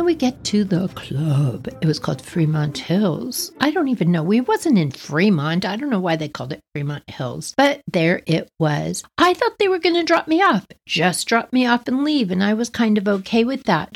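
A woman hosting a storytelling podcast, telling a childhood memory in a playful, animated way and acting out voices and sound effects. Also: medium pitch, moderate pace, few pauses, husky. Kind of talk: personal storytelling.

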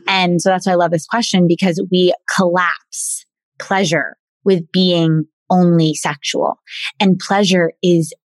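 A woman coach telling her personal story in an interview, earnest and animated, often repeating and restarting words. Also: fairly low pitch, unhurried, dry recording. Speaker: guest, women's coach. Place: in Bali.

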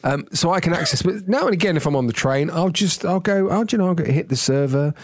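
A man's voice: on the high side, fast talker, slight background noise. A middle-aged man, chatting as a podcast co-host and telling stories about himself with many restarts and a self-mocking tone. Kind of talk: casual chat.

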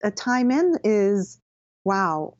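A woman guest on a podcast interview, calmly explaining parenting advice and acting out gentle things a parent might say. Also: medium pitch, a little slow, no room sound, dull audio. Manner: calm, explanatory, acts out gentle parent lines.

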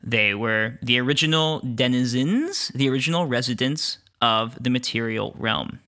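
A man narrating a tabletop game as game master, describing scenes in an unhurried way. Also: mid-range voice, pushed and bright.

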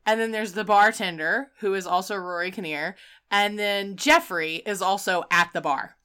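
A podcast co-host recaps a film in casual chat, her mid-range voice bright and pushed, the tone clean, the intonation fairly even, and the speed normal. She retells it chattily, packing in "like" and fillers, laughing, and quoting the characters' voices as she goes.

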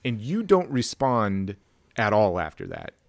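Guy with a lowish voice chatting about movies, dry close sound, acts out what people said. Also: a little slow, gravelly, no room sound. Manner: animated storyteller acting out family dialogue. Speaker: podcast co-host. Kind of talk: casual film review chat.

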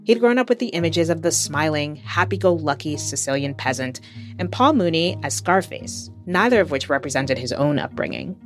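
Low-voiced woman narrating a podcast. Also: animated, music in the background. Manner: measured, explanatory. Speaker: podcast host. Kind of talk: scripted narration.

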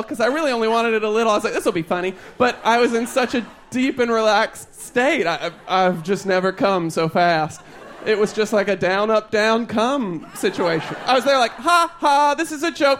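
A young gay man performing a stand-up comedy set, telling a story with animated, exaggerated bursts. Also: high voice, a little hiss or hum. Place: comedy stage before a live audience.

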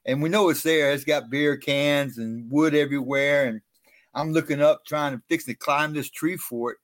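Middle-aged male guest, animated self-mocking storyteller, dead-dry recording. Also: fairly high pitch, normal speed, dry recording. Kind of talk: storytelling interview.

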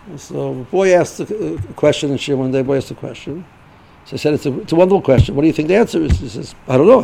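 A middle-aged man giving an informal Torah lesson, halting and repeating words as he restarts sentences. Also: fairly high pitch, creaky, dark tone, poor audio. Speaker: yeshiva rebbe giving a shiur.

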